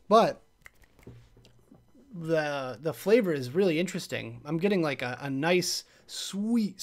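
A young man talks to his live-stream viewers in a loose, rambling way. His voice sits a little high for a man. He reacts aloud, trails off and restarts as he opens and tries the mail he was sent. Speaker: host of a live vape review show. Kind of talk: casual live-stream chat, unboxing mail.

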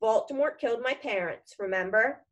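Storybook: woman voicing an urgent, earnest young boy, slightly high. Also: normal speed, lo-fi sound, natural voice. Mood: defiant. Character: determined boy wizard.

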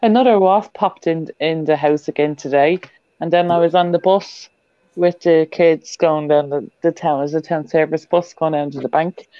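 A woman with a Dublin accent chatting casually, telling a quick story to a friend. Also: low voice, steady tone, dark tone, muffled recording. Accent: Dublin Irish. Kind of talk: casual chat.

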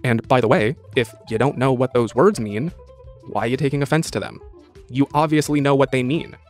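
A man co-hosting a reaction stream, talking in a sarcastic, mocking, halting way. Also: medium pitch, soft background music. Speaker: co-host reacting to a video. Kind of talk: casual commentary chat.

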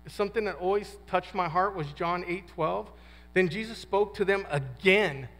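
A man's voice: high-pitched, normal speed, a bit bright. A man in his fifties giving a casual, slangy testimony talk at a men's conference, acting out quotes as he tells his story. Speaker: guest speaker at a men's conference. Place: conference hall. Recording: long reverb of a large hall.

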